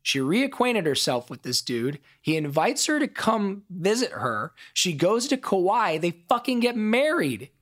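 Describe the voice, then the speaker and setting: A middle-aged man from Ohio, a podcast guest telling stories in an emphatic, profane, animated way. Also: high-pitched, a little slow, hardly any pauses. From Ohio, USA. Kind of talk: casual storytelling interview.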